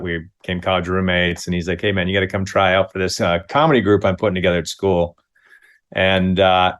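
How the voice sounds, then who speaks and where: A man in his fifties from Minnesota, a comedy actor telling a story as a guest in casual conversation, chuckling and jumping into the other voices. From Minnesota, USA. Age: 50s. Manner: lively anecdote, acts out the other voices with big pitch jumps, chuckles.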